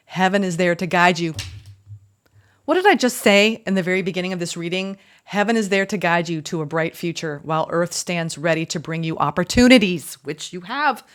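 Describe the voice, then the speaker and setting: A woman's voice: fairly low pitch, a little fast. A woman giving a spiritual tarot reading, effusive and choked up, calling her viewers y'all. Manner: warm, effusive, emotional, addresses viewers as y'all. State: choked up, tearful. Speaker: tarot reader.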